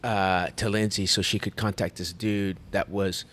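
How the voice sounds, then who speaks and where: A man, a podcast host telling a long story in casual chat, animated and rambling with restarts. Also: fairly low pitch, normal speed. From United States.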